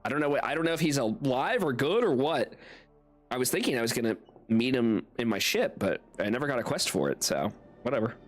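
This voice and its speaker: A young man streaming a game, giving excitable, laughing live commentary and reading aloud. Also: medium pitch, a little fast, soft background music.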